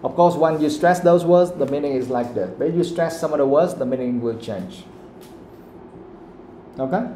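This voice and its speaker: A man teaching an English pronunciation class, explaining slowly and checking in with "okay?" after nearly every point. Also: fairly high pitch, lively intonation, mellow, roomy sound, a little hiss or hum. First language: Vietnamese. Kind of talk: live classroom lesson.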